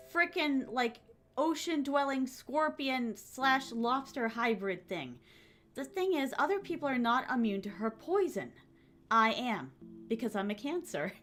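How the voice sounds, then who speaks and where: Her voice is a little high, soft and motherly, with a relaxing quality, as this streamer casually talks with her viewers and goes through their comments.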